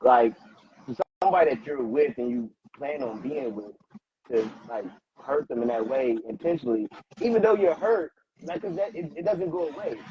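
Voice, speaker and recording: A man's voice: a little high, moderate pace, husky. A man co-hosting a casual chat, asking pointed questions and retelling stories with energy. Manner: probing questions, animated retelling. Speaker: podcast co-host. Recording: dull lo-fi sound.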